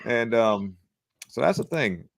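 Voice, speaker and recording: A man hosts a loose political chat, talking in a folksy, joking way and laughing often. His voice sits at an ordinary middle pitch. The sound is dry and close, with no room echo. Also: lively intonation, takes it slowly, creaky. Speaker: show host.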